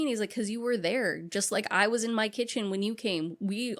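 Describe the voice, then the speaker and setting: Female co-host, casual recap chat, animated quoting of scenes, average pitch. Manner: retells scenes in quick acted-out quotes, swears casually. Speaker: podcast co-host.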